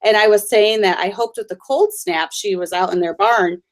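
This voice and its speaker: A woman's voice: medium pitch, normal speed. A woman hosting a conversation, chatty and storytelling, often laughing between anecdotes. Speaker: host.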